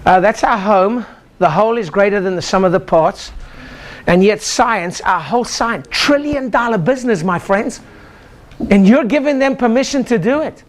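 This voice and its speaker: A man's voice: high-pitched, moderate pace. An older man, a chiropractor, giving an exclamatory motivational seminar talk and leading the audience in call-and-response chants. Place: lecture room with a live audience.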